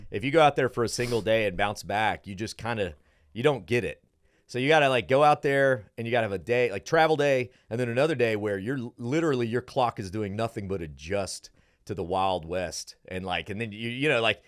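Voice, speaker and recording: A middle-aged man, a travel show host chatting as a podcast guest, animated, acting out the people he quotes. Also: fairly low pitch, fairly quick, no room sound, clean studio sound. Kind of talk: casual podcast chat.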